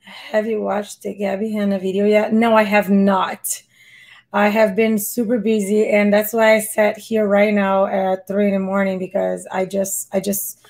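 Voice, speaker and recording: A woman with a squeaky voice doing casual live reaction commentary, exasperated and rambling, often restarting her sentences. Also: gravelly. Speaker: reaction streamer.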